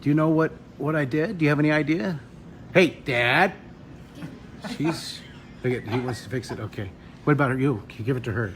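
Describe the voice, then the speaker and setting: A man teaching drawing on a live webcast, chatting with fans in a jokey, excitable way and breaking into delighted exclamations. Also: mid-range voice, fairly quick, slight background noise. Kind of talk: lively live-stream chat with fans. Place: a restaurant.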